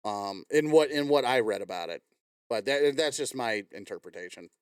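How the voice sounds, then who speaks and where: A young man co-hosting a casual podcast chat. He cracks quick jokes and sometimes restarts his sentences. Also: medium pitch, animated, smooth, no room sound, studio quality. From Indiana, USA. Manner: joking, quick quips, some restarts. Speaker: podcast co-host.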